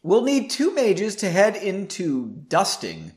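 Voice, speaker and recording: A man voicing a calm, businesslike male mage handing out assignments. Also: sits high, takes it slowly, voice pushed up, heavily acted.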